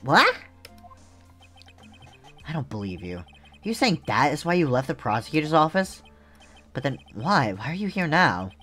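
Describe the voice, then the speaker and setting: An earnest young lawyer torn by doubt, pleading and defensive in turn, as a man reads him. His pitch swings in a lively way, and soft game music hums underneath. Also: fairly quick. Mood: anguished. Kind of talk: reading game dialogue aloud.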